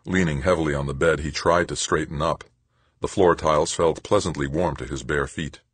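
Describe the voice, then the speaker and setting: A man narrating an audiobook with expressive storytelling. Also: extremely low pitch, a little fast, breathy edge, dry recording. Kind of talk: scripted narration.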